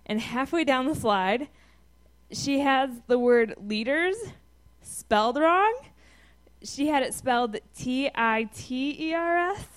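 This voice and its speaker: Young woman, student, high voice, giggly storyteller. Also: slow, clean tone. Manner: giggly, animated. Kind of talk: casual storytelling.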